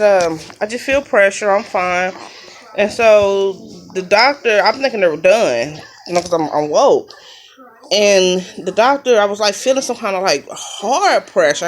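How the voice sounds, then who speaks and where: A woman tells a personal story in a relaxed, chatty way. She slips into quick quoted lines to act out what each person said. Her voice sits at an everyday middle pitch. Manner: chatty, retelling events with quoted dialogue. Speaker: mom vlogger. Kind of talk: casual storytelling.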